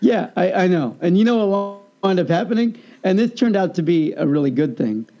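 A man's voice: high-pitched, moderate pace, lo-fi sound. A man in a casual chat, animatedly telling personal stories and acting out the voices of the people in them. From United States. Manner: animated storyteller, acts out quoted voices.

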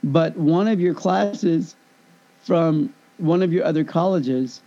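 A man in his fifties chats casually, telling an animated story and acting out both sides of a conversation. He speaks slowly at a fairly high pitch, and the recording is dull and lo-fi.

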